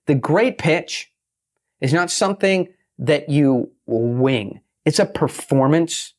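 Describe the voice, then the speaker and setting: A man talking as a podcast guest and pitch expert, brash and blunt, swearing and acting out little quotes. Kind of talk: fast casual podcast talk.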